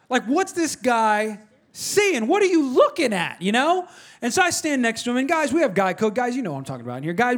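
A middle-aged male pastor preaching a sermon, telling a story with animated energy and speaking straight to his congregation. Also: extremely high pitch.

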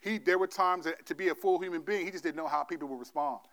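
A male pastor preaching a sermon, telling stories animatedly, playing out God's voice in slangy asides and then dropping into a quieter, gentle exhortation. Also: a little high, fast talker. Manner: drops to a soft, quiet delivery for the exhortation.

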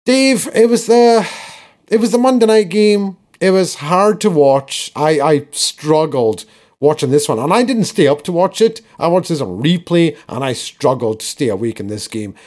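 Higher-voiced man in casual sports chat. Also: moderate pace. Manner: animated, laughs while recapping, repeats words. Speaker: podcast co-host.

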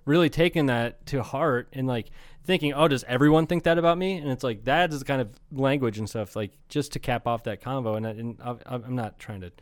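A man's voice: medium pitch, a little fast, no room sound. A man co-hosting a comedy podcast, chatting casually and rambling, swearing freely. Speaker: podcast co-host. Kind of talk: casual chat.

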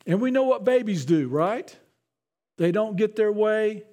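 A man's voice: high-pitched, expressive, measured pace, warm tone. A man, a pastor, preaching a sermon in a conversational way, often repeating his words.

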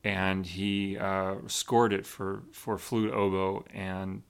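Guy cohost, kinda low voice, rambles and stops a lot looking for words. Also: little pitch movement, gravelly, clean tone. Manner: halting, rambling, searching for words. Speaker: flutist and podcast co-host. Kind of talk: casual chat.

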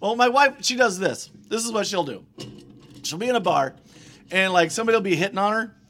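A man's voice: high voice, expressive, a little fast, a bit bright, slight background noise. A man hosting a casual live-stream chat with rowdy, profane, teasing banter. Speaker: host.

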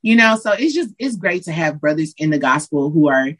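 A woman from Detroit, a Christian hip hop artist, chatting as a guest in an interview, lively and slangy, acting out what her friends say. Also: sits low, fairly quick, slightly rough, rough recording. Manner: animated, slangy, acts out quotes of friends. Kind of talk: casual interview chat.

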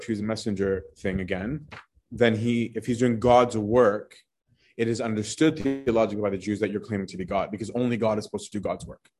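A man's voice: fairly low pitch, a little mellow. A man leading an informal Bible study, explaining scripture in a conversational way with frequent "right?" asides and restarts.

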